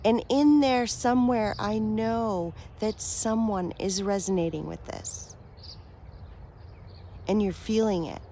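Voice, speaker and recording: Woman vlogger, mid-pitch, unhurried, heartfelt and rambling, light background noise. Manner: earnest, affectionate, rambling with fillers and soft laughs. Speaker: spiritual vlogger. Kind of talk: heartfelt direct-to-camera talk.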